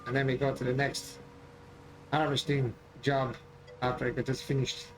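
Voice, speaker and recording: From a home gaming room, an Irish man streams a farming game and chats casually in a mid-range voice, delivered flatly at a moderate pace. He jokes and repeats his lines with a chuckle, with background noise present.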